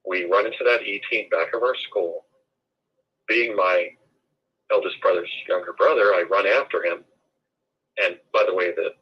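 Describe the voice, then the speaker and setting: A man's voice: sits low, breathy edge, highs cut off. A man in his sixties telling a long, rambling story as an interview guest.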